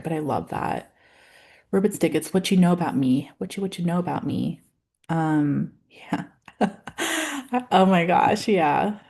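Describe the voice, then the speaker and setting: A woman's voice: low-pitched, a little mellow. A woman vlogger chatting casually about nail polish, rambling with lots of fillers and openly emotional.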